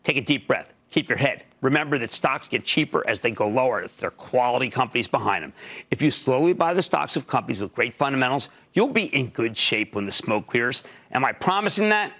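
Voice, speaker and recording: A man's voice: lively intonation, a little fast. A man in his sixties hosting a stock market TV show, giving emphatic, punchy commentary and taking callers. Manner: emphatic, punchy, jumps between loud and low.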